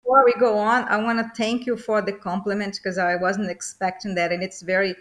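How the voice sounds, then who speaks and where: A woman's voice: medium pitch, flat delivery, brisk, fairly bright tone. A woman author, a guest in a casual interview, hesitant and laughing easily. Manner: laughs often, hesitant and self-conscious.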